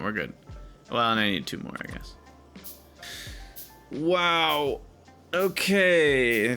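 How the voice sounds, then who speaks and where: Man, gameplay commentary, thinking aloud, crisp bright tone, gravelly fry. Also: medium pitch. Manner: thinking aloud, muttering to himself. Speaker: gaming video creator.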